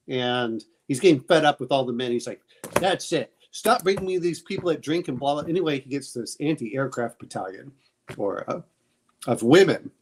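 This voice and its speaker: A man's voice: mid-range voice, darkish tone. A man hosting a casual chat, rambling through recommendations with many fillers and restarts. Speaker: podcast host.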